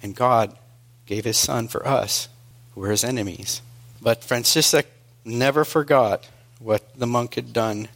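A male preacher delivering a sermon in an earnest storytelling manner, moving between hushed and emphatic. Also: mid-range voice, measured pace, vocal fry.

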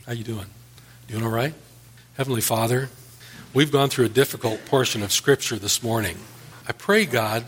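A man's voice: mid-range voice, fairly bright tone. A male pastor preaching a Bible-study sermon and leading an earnest closing prayer.

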